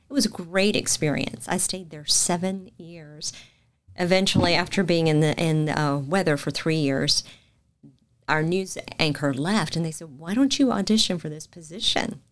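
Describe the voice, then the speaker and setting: A woman's voice: fairly low pitch, measured pace. A middle-aged woman with a Southern accent, a news anchor telling her career story as a guest in a casual interview, acting out the lines she quotes. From Macon, Georgia.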